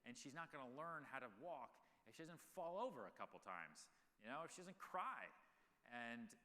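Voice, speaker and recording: A man in his thirties tells stories on stage in a bright, forceful voice that swings widely in pitch. He talks with plenty of fillers, and the sound carries the long reverb of a large event hall. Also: moderate pace. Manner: animated storytelling with many fillers. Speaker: guest speaker. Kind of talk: live on-stage Q&A.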